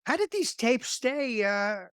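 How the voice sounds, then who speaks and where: A man co-hosting a podcast interview, telling lively stories and laughing at himself. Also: extremely high pitch, slow pace, clear, resonant tone, dry recording, studio quality. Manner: animated storyteller, laughs at himself. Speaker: podcast co-host. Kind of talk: casual interview chat.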